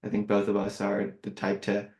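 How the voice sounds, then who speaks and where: Male podcast co-host, low voice, relaxed and casual, roomy echo on the recording. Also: fairly quick. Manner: relaxed, agreeable, casual swearing. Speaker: podcast co-host, sales engineer.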